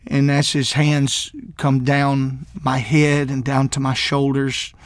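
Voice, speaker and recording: Halting, emotional man from Mississippi. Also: mid-range voice, no room sound, studio quality. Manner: halting, many fillers and restarts; emotional, tearful at times. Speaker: minister. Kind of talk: personal testimony.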